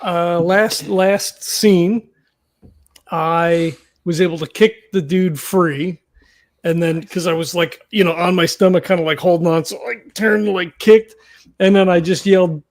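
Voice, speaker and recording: A man's voice: high-pitched, steady tone, unhurried. A man playing a tabletop game, describing his moves in a rambling, laughing way over a video call. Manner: rambling, laughing, self-correcting. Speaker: player. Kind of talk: casual chat.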